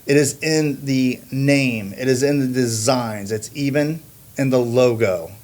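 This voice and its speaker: Guy, mid-pitch voice, earnest and measured, reads a scripted watch review. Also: darkish tone. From United States. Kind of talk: scripted product review narration.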